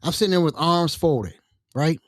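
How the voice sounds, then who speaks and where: Male podcast host, casual and animated storyteller, a touch high-pitched, recorded dry. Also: no room sound. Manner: animated storyteller acting out quoted voices; colloquial, drawn-out phrasing.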